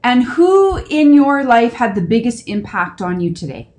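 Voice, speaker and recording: A woman's voice: a little high, sing-song, normal speed, a little mellow. A woman hosting a podcast interview, speaking in a conversational, affirming way. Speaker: podcast host.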